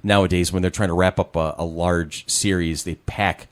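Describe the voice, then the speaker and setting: Guy rambling about movies, kinda low voice, lots of "you know", animated. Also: normal speed. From Rochester, New York area. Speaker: podcast co-host. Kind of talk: casual chat about films.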